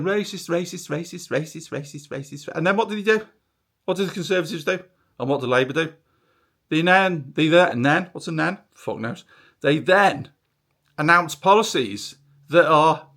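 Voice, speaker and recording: A middle-aged man vents in a sarcastic, sweary vlog rant. His voice sits fairly high and swings widely in pitch. The tone is bright and sharp. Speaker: vlogger. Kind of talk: ranting vlog.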